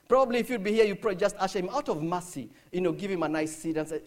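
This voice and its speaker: A man preaching a sermon, dramatic, dropping to hushed lines and rising to shouts as he acts out the quotes. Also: sits high, fairly even intonation, racing.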